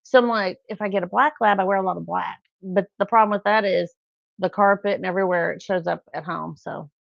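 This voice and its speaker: Middle-aged woman, gravelly chatty streamer. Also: mid-range voice, steady tone, brisk, no room sound, lo-fi sound. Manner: chatty, rambling, acts out quotes with laughs. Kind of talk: casual live-stream chat.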